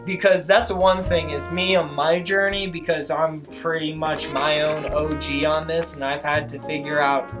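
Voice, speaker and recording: A woman's voice: sits low, fairly even intonation, moderate pace, over music. A young adult woman vlogger giving a casual motivational monologue, swearing constantly and talking emphatically in rambling runs.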